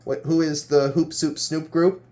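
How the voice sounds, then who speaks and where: A man's voice: fairly high pitch, flat delivery, a little slow, mellow, lightly acted. A man voicing a male game show contestant who gives brief matter-of-fact answers in a near-natural voice.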